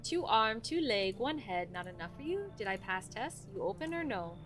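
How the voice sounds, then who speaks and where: A creepy visitor who speaks in flat, broken, clipped phrases, as a woman puts it on. The voice sits lower than her usual high tone and stays cold and menacing throughout. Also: moderate pace, music in the background, natural voice.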